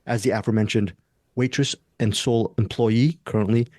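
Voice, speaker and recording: A man hosts a casual movie review podcast, talking enthusiastically and rambling with restarts. His lowish voice is steady, a little mellow and a little fast, captured in a dry, studio-quality recording.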